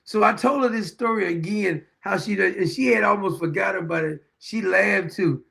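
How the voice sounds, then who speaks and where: High, gravelly-voiced man spinning stories. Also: moderate pace, sharp tone. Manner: chuckles often while telling anecdotes; folksy, repeats phrases for emphasis. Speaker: show host. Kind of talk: casual storytelling monologue.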